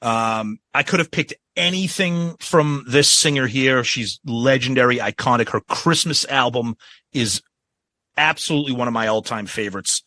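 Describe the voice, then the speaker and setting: Podcast co-host, man, gushing music fan, bright forward tone, dry close mic. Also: mid-range voice, normal speed, dry recording. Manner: enthusiastic, gushing fan talk. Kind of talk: casual chat.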